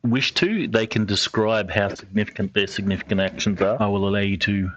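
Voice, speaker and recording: A fairly low-voiced man runs a tabletop game over a call, halting often with ums and uhs. His mic sounds dull and lo-fi, with a faint hiss underneath. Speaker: game master. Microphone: online call mic.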